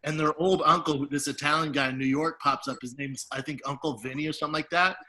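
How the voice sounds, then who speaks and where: Bright-voiced animated man telling stories. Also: on the high side, fast. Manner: animated storyteller, acts out quotes. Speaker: podcast co-host; father. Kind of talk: casual podcast chat.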